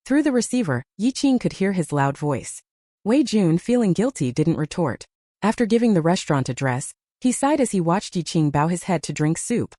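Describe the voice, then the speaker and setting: A woman narrating a scripted story with an expressive reading. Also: fairly low pitch, normal speed, no echo, studio quality.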